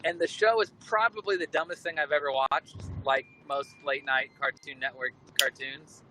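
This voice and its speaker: A man in his thirties joining a chat by phone from a car, talking in an animated, jokey, rambling way. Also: on the high side, normal speed, rough recording. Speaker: guest. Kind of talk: casual chat. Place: in a moving car. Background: road noise.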